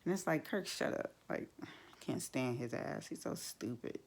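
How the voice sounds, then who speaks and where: A woman's voice: extremely low pitch, moderate pace, a little mellow. A woman recapping a reality TV episode in a blunt, chatty way, full of fillers and frank opinions. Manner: blunt, chatty, many fillers like "like" and "you know". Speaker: TV show reviewer.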